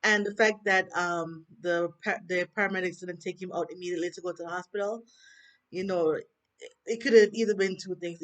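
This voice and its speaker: A woman with a Jamaican accent chatting casually as she reviews a TV show, rambling with asides. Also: fairly low pitch. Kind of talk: casual chat.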